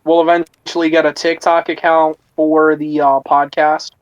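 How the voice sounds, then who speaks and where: A young man co-hosting a podcast in casual chat, relaxed and keeping his voice down. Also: fairly high pitch, moderate pace, lo-fi sound. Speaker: podcast co-host.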